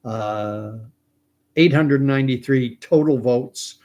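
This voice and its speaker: Speaking slowly at a medium pitch, a Canadian man hosts a live stream with casual commentary. He's talkative, reading viewers' comments out loud and thinking aloud as he goes.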